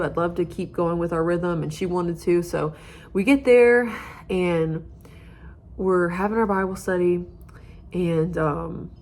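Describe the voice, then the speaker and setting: A young woman giving an earnest, heartfelt personal testimony about her campus ministry. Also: lowish voice.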